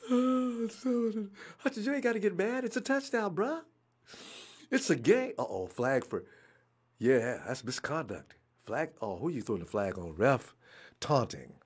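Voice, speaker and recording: A man reacting live to a football game, excitable, talking at the players on screen and trash-talking them. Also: high voice, unhurried, husky. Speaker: football fan watching a game.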